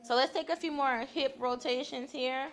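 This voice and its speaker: A woman's voice: high voice, fairly even intonation, normal speed, fairly bright tone, faint music behind. A woman guiding a stretching class in an upbeat, chatty way, often laughing as she talks. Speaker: fitness instructor.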